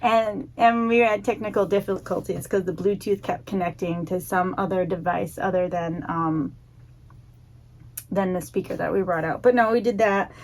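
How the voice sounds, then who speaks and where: A woman in her thirties co-hosts a casual podcast, teasing her partner, laughing often, and listing things as they come to mind. Her mid-range voice is steady and darkish, at normal speed.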